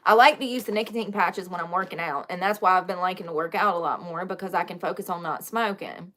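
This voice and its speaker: A woman's voice: lowish voice, fast talker, fairly bright tone. A young woman chatting casually with viewers while doing her makeup, joking and confessional, laughing often. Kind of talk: casual live-stream chat.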